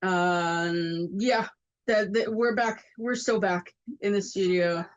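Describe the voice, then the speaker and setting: A woman's voice: mid-range voice, slow pace, highs cut off. A young woman co-hosting a college radio show, chatting in an upbeat, playful way from the studio. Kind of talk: casual radio chat.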